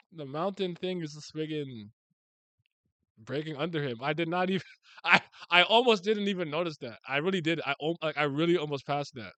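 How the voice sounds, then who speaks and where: A man giving a casual live reaction while reading manga, animated and slangy, laughing often and thinking aloud. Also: fairly high pitch, dry recording.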